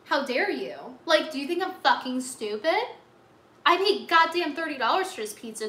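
Young woman streamer ranting about stuff, high voice, swears a lot, sarcastic, kinda echoey room. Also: fairly bright tone. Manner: exasperated, profane, sarcastic ranting. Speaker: livestreamer. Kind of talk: ranting livestream chat.

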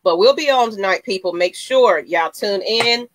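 A man's voice: high-pitched, normal speed, a bit bright, dry recording. A man hosting a fan sports show, laid-back and reassuring, with casual slang.

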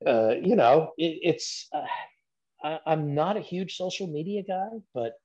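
Relaxed man on a dull, lo-fi line. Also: fairly high pitch, measured pace. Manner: relaxed, rambling with fillers and restarts. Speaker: guest actor. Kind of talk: casual podcast chat.

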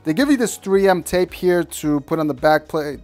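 A man's voice: a little high, expressive, normal speed, a little mellow, faint music behind. Slangy, fed-up man reviewing tech. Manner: slangy, exasperated ranting, calls viewers "cats". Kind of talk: casual product install walkthrough.

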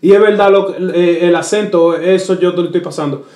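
Quick and high-pitched, this man's voice bounces around a reverberant space. He is a comedian from the Dominican Republic, a guest in a casual interview, switching languages between English and Spanish and animatedly doing voices as he tells stories.

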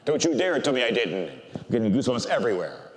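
An older man, a Catholic priest, preaching a sermon and telling a personal story with animated, emotional delivery that softens when he is moved. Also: mid-range voice, fast. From United States. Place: large church. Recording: church hall reverb.

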